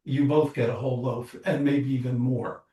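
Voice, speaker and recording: A man, a psychologist and author, telling stories in an interview, animated and full of fillers and restarts. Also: medium pitch, normal speed, reverberant, far from the mic. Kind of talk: interview storytelling.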